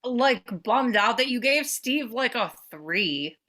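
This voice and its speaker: Bright-voiced woman, animated chatter. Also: slow pace. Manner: animated, swearing, jumps between pitch levels. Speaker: podcast co-host. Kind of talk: casual chat.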